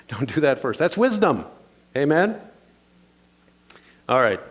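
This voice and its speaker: A man preaching a sermon as pastor, playful and animated, calling on the congregation to answer back. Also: mid-range voice, slow, slightly rough.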